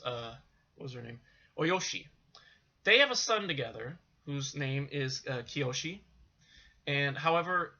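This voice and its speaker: A man's voice: a little high, sharp tone. A man casually recapping a film's plot, rambling with many fillers and restarts. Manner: rambling, full of "you know" and restarts. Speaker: film reviewer. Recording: dull lo-fi sound.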